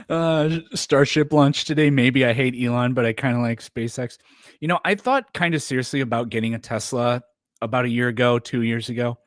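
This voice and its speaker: A streamer chats casually on a livestream, rambling along with plenty of fillers and restarts. He has a mid-range voice and talks at a normal speed. The recording is dry and studio quality.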